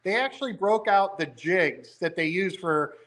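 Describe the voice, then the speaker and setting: A man's voice: sits high, moderate pace, fairly bright tone. A man talking as a guest about building a car, telling rambling, enthusiastic stories. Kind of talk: casual chat.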